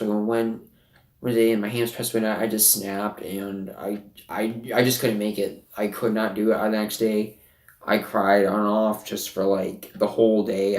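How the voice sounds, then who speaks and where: A teenage boy speaks to his camera in a low-pitched, sniffly voice. He stumbles through fillers and broken restarts. The sound is roomy, with his voice set back from the mic. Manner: halting, with many fillers and restarts. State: sniffly, emotional. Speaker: vlogger. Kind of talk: personal confessional vlog. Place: bedroom at home. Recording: roomy, from some distance.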